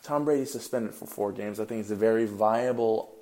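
Man talking fantasy football, low-pitched. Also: fairly quick, mellow. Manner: conversational, thinking aloud with fillers and restarts. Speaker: fantasy football podcast host. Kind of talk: casual solo commentary.

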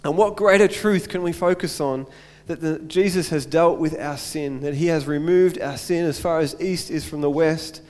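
Male pastor, earnest sermon delivery, rhetorical repetition, slightly high voice, echoing church. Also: moderate pace, hardly any pauses, darkish tone. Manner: earnest, repeats phrases and asks rhetorical questions.

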